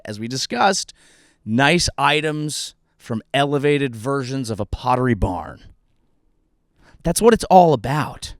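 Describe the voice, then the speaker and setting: A man hosting a comedy podcast who delivers a profane, comedic rant and now and then jumps up into shrill yelling. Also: creaky, no room sound, clean studio sound.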